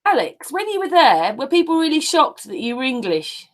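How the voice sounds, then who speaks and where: A woman's voice: sits high, sing-song, normal speed. A woman on a casual panel, asking the guest chatty, curious questions.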